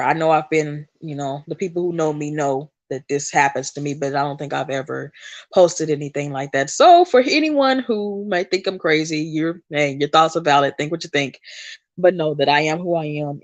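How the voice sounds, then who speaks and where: A woman's voice: sits low, brisk, no echo. A woman hosting a spiritual livestream. She sounds emotional and speaks in emphatic, repetitive phrases in a channeling style.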